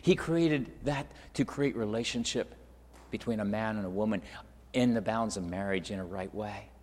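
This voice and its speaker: A middle-aged man preaching a sermon, swinging from loud emphatic peaks to hushed near-whispers and repeating words as he finds his next thought. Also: fairly low pitch, moderate pace, long reverb tail. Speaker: pastor.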